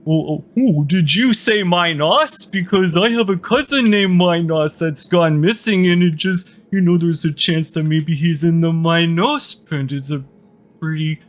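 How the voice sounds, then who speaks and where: A man's voice: on the high side, unhurried, close to an everyday voice. A man voicing a timid, anxious male minotaur who stammers nervously in a tabletop game. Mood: eager.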